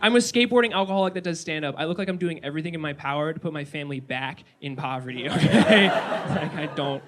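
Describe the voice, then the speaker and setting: A young man performing stand-up comedy at a small live venue, animated, incredulous and wry. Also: fairly high pitch, fast talker, hardly any pauses. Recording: noisy live room recording.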